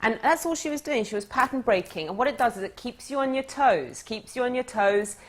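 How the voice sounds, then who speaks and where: A woman coaching her audience through a lively story, talking in an animated, conversational way. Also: on the high side, a little fast. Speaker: dating coach. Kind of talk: storytelling lesson.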